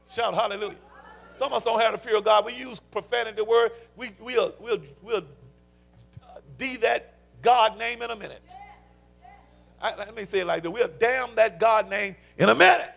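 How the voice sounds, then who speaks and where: A pastor with a high, heavily gravelly voice preaches to his congregation, tossing out questions and shouting the answers back. Music plays softly under him in the sanctuary. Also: brisk. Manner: call-and-response preaching, shouting peaks. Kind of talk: sermon. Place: church sanctuary.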